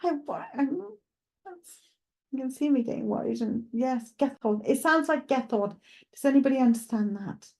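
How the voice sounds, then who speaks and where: A woman giving a live psychic reading. She chats with her viewers and thinks out loud as she works. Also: high voice, animated, moderate pace. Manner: chatty, thinks aloud, addresses viewers directly; hesitant, with frequent restarts while working things out. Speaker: psychic medium. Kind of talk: live streamed mediumship reading.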